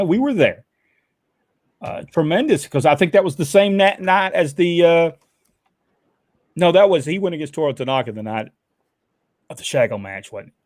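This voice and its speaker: A podcast co-host with a fairly high voice keeps the casual chat loose, folksy and rambling, laughing regularly throughout. There's no echo on the recording.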